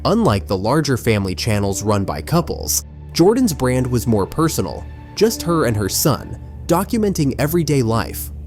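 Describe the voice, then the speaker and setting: Man, documentary narration, emphatic and critical, lively intonation. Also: mid-range voice, normal speed, faint music behind. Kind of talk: scripted narration.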